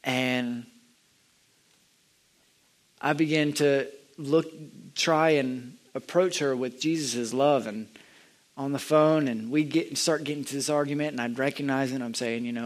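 An earnest young man giving a personal testimony at a middle pitch. He speaks haltingly, restarting his sentences, and swings up into a high, loud voice when the feeling takes him. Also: steady tone. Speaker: lay speaker sharing a testimony.

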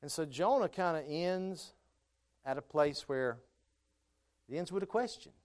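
Male preacher, sermon delivery, lively pitch swings from quiet reading to fervent shouting. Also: a little slow. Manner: swings from calm reading to loud, high-pitched impassioned preaching.

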